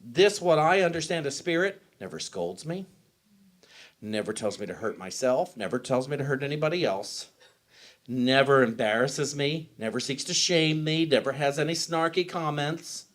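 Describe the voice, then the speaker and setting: A man's voice: mid-range voice, animated, moderate pace, fairly bright tone. A man giving a sermon as pastor, talking in a personal, conversational way and often restarting his sentences. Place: church sanctuary.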